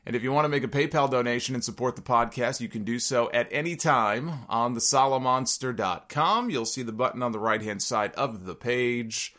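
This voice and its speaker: Male podcast host, mid-pitch, casual and jokey, rattles through name lists and ad reads. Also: brisk, hardly any pauses, pushed and bright. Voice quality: sometimes gravelly low notes. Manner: jokey wrestling-fan banter, rattles off listener names.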